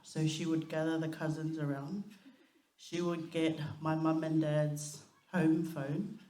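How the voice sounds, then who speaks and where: A woman's voice: deep voice, level tone, slow pace, mellow. A woman giving a heartfelt, chatty eulogy for her cousin at a family funeral service. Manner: heartfelt, chatty, with fillers and laughter. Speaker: eulogy speaker, youngest sister. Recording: echoey hall.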